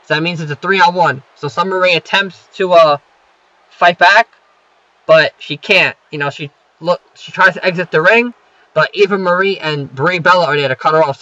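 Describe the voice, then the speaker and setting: A man's voice: fairly high pitch, pushed and bright, no room sound. A young man casually recapping a wrestling show, rambling with lots of fillers and profanity. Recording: dull lo-fi home recording.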